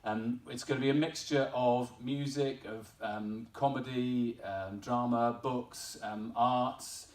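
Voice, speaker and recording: A man's voice: mid-range voice, fairly even intonation, slow pace, few pauses, a little mellow. Man with an English accent giving an offhand awards-night speech, caught by a distant mic in an echoey room. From Wales. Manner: chatty, self-deprecating, laughing at his own story. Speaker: member of parliament. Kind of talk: informal speech at an awards ceremony. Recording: echoey hall, voice picked up from afar.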